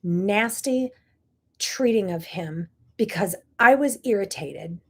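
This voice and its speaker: A woman's voice: mid-range voice, animated, slow pace, fairly bright tone, slightly rough. A middle-aged woman hosting a talk show, telling a personal story in an earnest, emotional way with many asides. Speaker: host.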